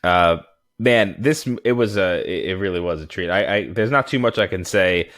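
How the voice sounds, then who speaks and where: A man's voice: low voice, normal speed. A man co-hosting a movie podcast, chatting casually with lots of restarts and fillers. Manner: rambling, animated, many fillers and restarts. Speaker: podcast co-host.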